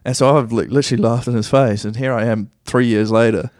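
A man's voice: mid-range voice, steady tone, fast talker, darkish tone, dry recording, studio quality. A man with a New Zealand accent, a podcast guest telling rambling, self-correcting stories about his soccer career in a casual, easy way.

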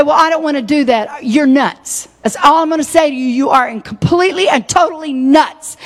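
A middle-aged woman preaching a sermon, switching between folksy asides and fiery shouting. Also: high voice, brisk, few pauses. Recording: long hall reverb.

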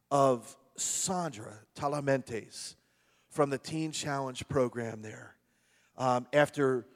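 A pastor with a New Jersey and New York accent who preaches a sermon as a chatty story, with many restarts and asides to the congregation. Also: male voice, mid-range voice, long reverb tail.

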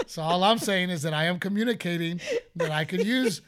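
A man co-hosting a podcast in casual chat, a joking, animated storyteller who swears freely. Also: high voice, brisk. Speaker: podcast co-host.

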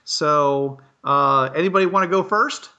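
A man's voice: a little high, a little slow, bright, forceful tone, muffled recording. A man hosting a casual chat, chuckling often and asking clarifying questions. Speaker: host.

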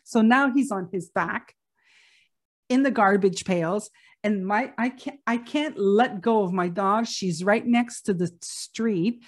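A woman's voice: mid-range voice, slow pace. A middle-aged woman telling a personal story in a casual, chatty way, laughing now and then between lots of fillers.

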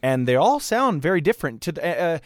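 A man's voice: a little high, very animated, a little fast, no echo, clean studio sound. A man co-hosting a podcast, talking casually and eagerly with his co-hosts. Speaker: podcast co-host. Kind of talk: casual chat.

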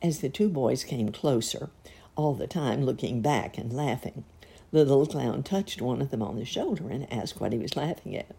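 A woman reading a storybook aloud in a gentle, measured way. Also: rumbling low, expressive, creaky, slightly rough. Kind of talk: storybook narration.

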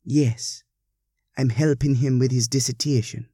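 A man voicing a middle-aged woman in a storybook reading, speaking briskly and a little apologetically. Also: very deep voice, fairly even intonation, dark tone, slightly rough, no echo, studio quality, pitched above the performer's own voice, exaggerated voice. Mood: fond.

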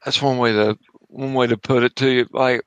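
A man narrating as game master of a tabletop horror game at home, casual and halting, restarting his sentences as he goes. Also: medium pitch, steady tone, clean tone, no echo, poor audio.

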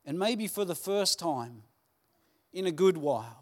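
A man preaching a Sunday sermon, earnest and pleading, with dramatic pauses. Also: high voice, animated. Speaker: pastor. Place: church hall.

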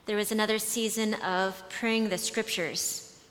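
A woman's voice: medium pitch, steady tone, a little slow, a bit bright. A woman speaking at a conference in a chatty, conversational way, with many fillers and restarts as she tells stories. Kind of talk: conversational talk with storytelling. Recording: long hall reverb.

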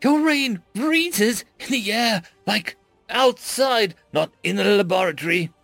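An excitable alien schoolboy squeaks out alarmed, stammering questions, voiced by a man. His voice swoops high and lively. The sound is close and dry, with faint music underneath. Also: slow, vocal fry, no echo, full character voice. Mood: aghast.

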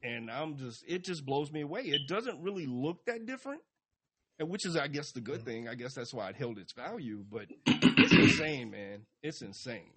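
A man, co-hosting a podcast in casual chat and telling stories in a relaxed, profane way. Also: mid-range voice, normal speed. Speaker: podcast co-host. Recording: clear background noise.

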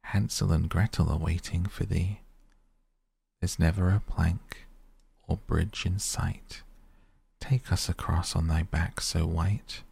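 A man's voice: low-pitched, fairly even intonation, slow, vocal fry, darkish tone, breathy edge, dry recording, heavily acted. A man reading the lines of a young girl in a fairy tale. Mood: earnest. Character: young girl, frightened then brave.

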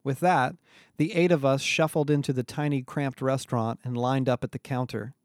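A man's voice: mid-range voice, a little fast, a little mellow, no room sound, studio quality. A man reading a first-person story aloud in a wry, sardonic manner. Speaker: audiobook narrator. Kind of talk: scripted first-person narration.

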